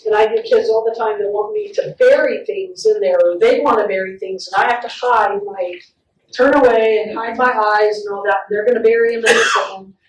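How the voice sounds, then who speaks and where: A woman play therapist giving a faith-based parenting talk, telling stories with animated acted-out quotes. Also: fairly high pitch, fairly quick, a little hiss or hum. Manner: warm, animated storytelling with acted-out quotes and laughs. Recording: echoey room, picked up from a distance.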